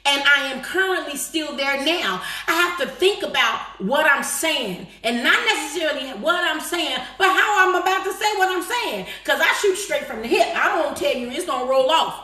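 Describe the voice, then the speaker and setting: A woman preaching a live-streamed motivational sermon. She is emphatic, swinging from shouted lines to slow, low, drawn-out stresses, and repeats key phrases for emphasis. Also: expressive. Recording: echoey room.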